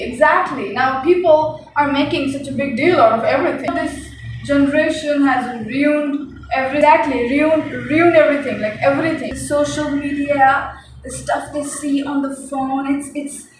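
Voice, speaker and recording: A young woman with a high voice tells a story in a loose, chatty vlog, exasperated and full of fillers and repeated words. She sits back from the mic in a very echoey room, with faint hiss underneath. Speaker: vlogger. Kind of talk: casual storytime chat. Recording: echoey room heard from a distance.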